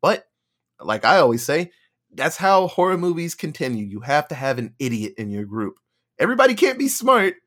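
Male podcast host, slightly high, very expressive pitch, lively and profane. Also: moderate pace. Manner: lively, swearing, acts out characters. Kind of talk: casual podcast chat.

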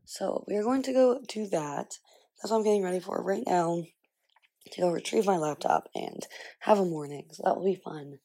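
A woman in her twenties talks to the camera as she gets ready at home, rambling through stories in a loose, casual way. Her voice sits a little low for a woman, and "like" fills nearly every sentence. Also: moderate pace, mellow. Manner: chatty, rambling, heavy use of "like". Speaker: vlogger. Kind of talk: casual chat.

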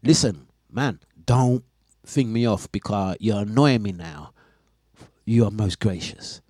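A man hosting a breakfast radio show, telling a story in a casual, animated way with laughs and exasperation. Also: lowish voice, slow, dry recording, studio quality. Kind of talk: casual chat on live radio stream.

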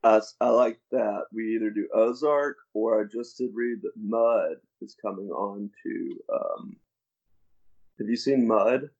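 A man co-hosting a casual podcast, his voice pitched on the low side. He speaks in a laid-back, hesitant way, filling pauses with ums, and comes through a dull lo-fi recording. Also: darkish tone. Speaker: podcast co-host.

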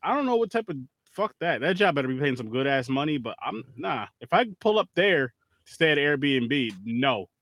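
A man's voice: a little high, sing-song, moderate pace, fairly bright tone, no room sound. Rambling, profane man in dry close-up. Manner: rambling, profane, lots of restarts and fillers. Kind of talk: casual movie recap chat.

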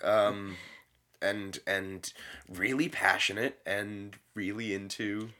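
A man's voice: fairly low pitch, steady tone, slow pace, sharp tone. A man co-hosting a casual chat, playful and laughing often, with frequent restarts. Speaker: co-host.

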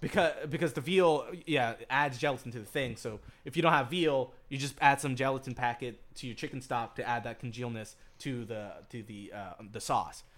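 A young podcast co-host rambles through a cooking story on a casual chat show, his mid-range, slightly bright voice moving at a moderate pace with few pauses. He swears freely and laughs a lot as he gets worked up.

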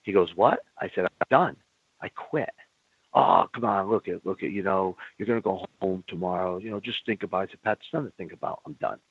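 Low-voiced with a breathy edge, an older man who used to wrestle professionally shares blunt, candid stories as an interview guest. He curses freely and acts out old arguments from both sides in quick exchanges. The recording is dry and sounds like a phone line.

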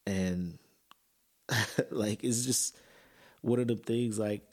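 A man's voice: on the low side, extremely slow, darkish tone. A man hosting a podcast, talking earnestly and emotionally in a personal monologue, with casual fillers and swearing. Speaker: podcast host.

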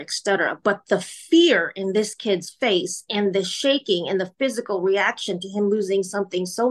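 A woman guest candidly recounting her personal story in an interview. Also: medium pitch. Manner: candid, earnest, recounting vividly.

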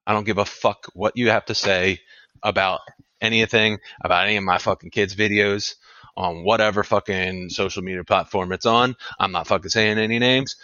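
Man, thirties, podcast host, angry profane rant, low forceful voice, dry dull lo-fi sound. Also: fairly even intonation, normal speed, clear, resonant tone, dry recording. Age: 30s. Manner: furious, swearing, forceful.

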